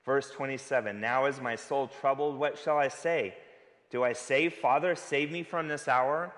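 A man's voice: mid-range voice, moderate pace, fairly bright tone. Male pastor preaching in a reverberant hall. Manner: earnest, conversational preaching with fillers and rhetorical questions. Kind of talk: sermon. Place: church sanctuary.

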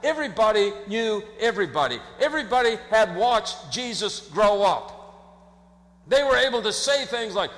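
A man preaching a sermon as pastor, in an animated conversational way, acting out quotes and often restarting his sentences. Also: high voice, moderate pace. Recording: long hall reverb.

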